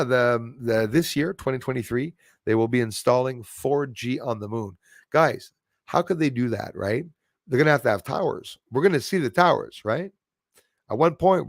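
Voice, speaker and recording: A man's voice: mid-range voice, vocal fry, no room sound, clean studio sound. A man hosting a casual livestream chat, rambling and reading out viewer comments. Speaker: livestream host.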